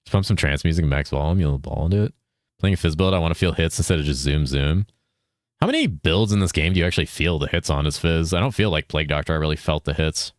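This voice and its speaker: A Californian man streams a game with an extremely low voice, lively intonation and a quick pace, in studio-quality sound with no echo. Laid-back, he chats casually with viewers, reads chat aloud, swears often and says "dude" constantly.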